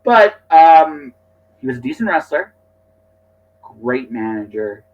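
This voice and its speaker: An animated man talking casually, his voice sitting slightly high. He repeats words and jumps in eagerly with his views. The sound is dull and lo-fi. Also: takes it slowly. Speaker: podcast co-host or guest. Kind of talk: casual chat. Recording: dull lo-fi audio.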